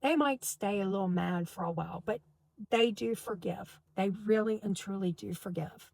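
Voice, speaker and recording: A woman telling a personal story to her viewers in an animated, emphatic way, with many restarts. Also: medium pitch, normal speed, gravelly, no room sound. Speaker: spiritual vlogger. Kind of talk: casual storytelling to camera.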